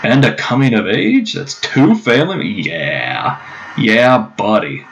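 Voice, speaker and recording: A man's voice: lowish voice, very animated, slow, fairly bright tone. A man casually commenting on his strategy game play, chatty and swearing, joking to himself. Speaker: gameplay commentator. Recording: dull lo-fi mic with clear noise.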